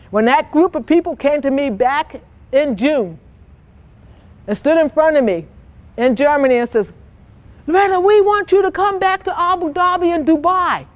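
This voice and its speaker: A woman's voice: mid-range voice, a little mellow. A woman giving an inspirational speech to students, storytelling with emphatic, repetitive phrasing and acting out voices in quoted dialogue. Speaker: motivational speaker. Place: office headquarters in Boston.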